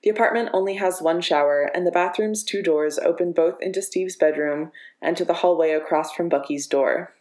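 A woman narrating a story in a steady, measured reading voice. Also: fairly low pitch. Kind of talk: audiobook narration of fiction. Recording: echoey room.

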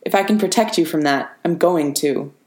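A woman's voice: lowish voice, moderate pace, close to an everyday voice. Sam, a weary soldier hero read by a woman. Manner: quiet, wry and weary. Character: weary, grounded adult male soldier hero. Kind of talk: audiobook character reading. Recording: roomy reverberant room.

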